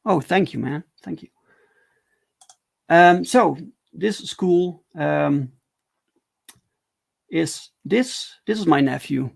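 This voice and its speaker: A man casually walking viewers through his own comic on a livestream, halting and repeating words, enthusiastic about the artwork. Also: on the high side, animated, gravelly, slightly rough. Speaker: comic creator streaming.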